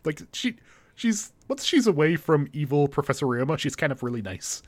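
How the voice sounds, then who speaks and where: A man's voice: on the high side, very animated, moderate pace, no echo. A man co-hosting a show, recapping episodes in casual chat and acting out quoted lines.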